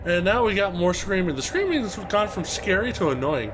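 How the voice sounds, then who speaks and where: A man doing let's play commentary, excitable, swearing often and chattering to the things in the game. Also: high voice, brisk, noisy background. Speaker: gameplay commentator.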